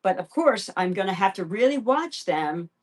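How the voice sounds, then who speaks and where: A middle-aged woman hosting a home live stream, softly sweet-talking her pet and chatting casually with viewers. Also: medium pitch, very animated, normal speed. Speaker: pet livestream host.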